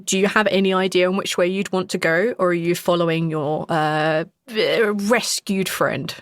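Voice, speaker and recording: A woman's voice: lowish voice, fairly even intonation, moderate pace, no echo. A woman narrating a horror tabletop game as game master, rambling with many fillers. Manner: rambling, full of likes and ums.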